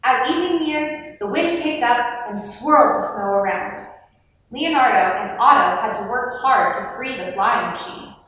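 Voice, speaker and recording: A woman reading a children's picture book aloud as an expressive storyteller. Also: on the high side, normal speed. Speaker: storytime reader. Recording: echoey hall, mic at a distance.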